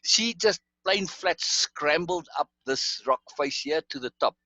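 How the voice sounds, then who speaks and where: A man's voice: fairly high pitch, animated, measured pace, bright, forceful tone, no room sound. A man telling stories in casual chat, rambling, restarting often and chuckling. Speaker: storyteller.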